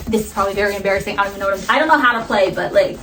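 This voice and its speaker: A woman's voice: mid-range voice, rapid-fire, background noise. A young woman vlogger telling a story to camera in a bubbly, chatty way, full of fillers. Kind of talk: casual chat to camera.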